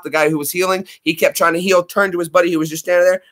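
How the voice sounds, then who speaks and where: A man with a fairly high voice chats casually to his audience. He rambles through stories and gets excited, adding sound effects as he goes. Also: quick pace, hardly any pauses. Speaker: channel host. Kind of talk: casual chat.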